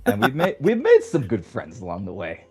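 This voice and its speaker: A man's voice: on the low side, wildly swooping pitch, normal speed. A young man rambling casually as a podcast guest, swearing often and filling his talk with "like.". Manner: rambling, swears a lot, heavy use of "like". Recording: dull lo-fi audio.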